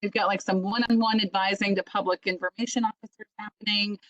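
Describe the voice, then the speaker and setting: A woman organizing volunteers, speaking in a quick, upbeat and enthusiastic way on a video call. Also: mid-range voice, steady tone, fairly bright tone, no echo, poor audio. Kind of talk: casual chat.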